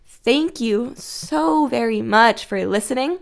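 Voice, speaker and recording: A woman's voice: on the high side, takes it slowly, vocal fry. A young woman hosting a casual solo fitness podcast, blunt and breezy, swearing freely. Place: Washington.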